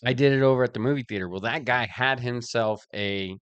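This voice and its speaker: A man's voice: mid-range voice, brisk, a bit bright, clear, resonant tone, no echo, dull audio. A married man co-hosting a podcast in casual chat, easygoing and rambling as he tells stories. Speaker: podcast co-host.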